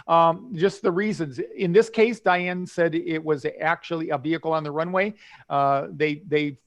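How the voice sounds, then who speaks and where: High-voiced man coaching nervous flyers. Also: steady tone, moderate pace. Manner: earnest, reassuring, with many restarts. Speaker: airline pilot and show host. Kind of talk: live talk show, explaining to nervous flyers.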